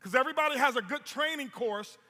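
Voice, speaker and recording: A man delivers a motivational speech on stage through emphatic storytelling and repeated words. He talks at a quick pace in a very high, pushed, bright voice, captured with long hall reverb.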